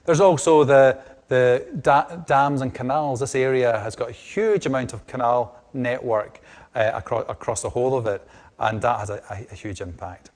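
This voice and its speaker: A man's voice: mid-range voice, normal speed, a little mellow. Scottish man giving a talk. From Scotland. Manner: hesitant, many restarts and fillers. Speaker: lecturer on groundwater. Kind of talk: academic lecture.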